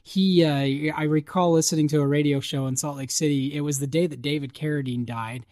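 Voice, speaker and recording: A talkative man co-hosting a movie podcast, his voice sitting a bit high for a man. He rambles through the news with plenty of "uh"s, and the recording is close and dry with no room sound. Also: fairly even intonation, a little fast, a little mellow, dry recording. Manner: chatty, reads out news items with fillers. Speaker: podcast co-host. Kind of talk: casual chat about movie news.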